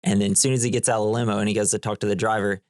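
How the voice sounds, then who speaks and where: A man's voice: lowish voice, little pitch movement, very fast, a little mellow, no room sound, clean studio sound. A man co-hosting a casual movie podcast, recapping the plot in a rambling way, full of "like". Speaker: podcast co-host.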